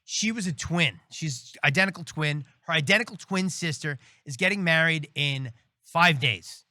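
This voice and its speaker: A middle-aged man, a priest and military chaplain telling his life story in a casual interview, animated and often acting out the voices of others. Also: a little high, moderate pace, dry recording, clean studio sound.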